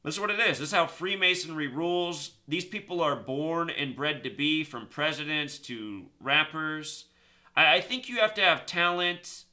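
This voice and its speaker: Bright-voiced man rambling to camera. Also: a little high, lively intonation. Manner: rambling, repeats numbers, talks fast then slows to stress points. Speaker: video host. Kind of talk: casual monologue to camera.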